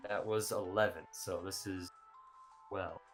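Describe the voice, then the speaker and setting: A young man, a guest on a podcast, chatting casually in a jokey, animated way and laughing often. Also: low voice, unhurried, music in the background. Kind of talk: casual chat.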